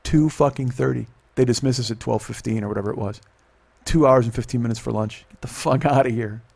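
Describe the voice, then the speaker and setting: A middle-aged man, a podcast host, telling a profane, animated story in casual talk and acting out the dialogue. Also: medium pitch, brisk, creaky.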